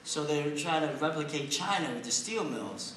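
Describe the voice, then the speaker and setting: A man in young adulthood doing a brash stand-up comedy set with deadpan punchlines, on a large theater stage. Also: a little high, normal speed, slight background noise. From Pennsylvania, USA. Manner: brash, deadpan punchlines, shouts in put-on quotes. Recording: echoey theater taped from far off, loud crowd laughter.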